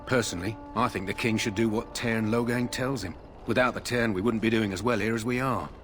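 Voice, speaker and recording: An actor playing a chatty, loyal soldier guarding a tent in a game. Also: male voice, lowish voice, fairly even intonation, a little fast, music in the background, close to an everyday voice. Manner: gossipy, admiring.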